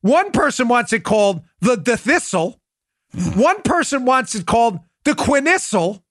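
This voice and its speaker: High-voiced sarcastic male podcast host. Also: sing-song, a little slow, a bit bright, no room sound, clean studio sound. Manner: sarcastic, emphatic, mocking. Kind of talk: political commentary show.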